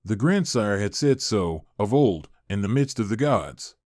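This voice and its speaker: A man's voice: lowish voice, expressive, measured pace, darkish tone, no room sound, studio quality. A man voicing an anxious serpent king who pleads formally with his sister in an audiobook.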